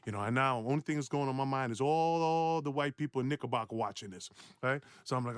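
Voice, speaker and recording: A former pro basketball player telling a story in a lively way, acting out quotes and laughing. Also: male voice, fairly quick, dry recording, clean studio sound. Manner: animated, acts out quotes with big pitch jumps, laughs. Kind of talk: animated storytelling on a podcast clip.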